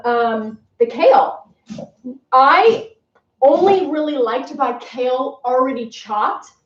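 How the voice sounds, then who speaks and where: A woman's voice: sits high, darkish tone. A woman casually chatting through a live home cooking demo, rambling and scattered as she works in her kitchen. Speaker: cooking vlogger. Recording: roomy, distant, dull mic.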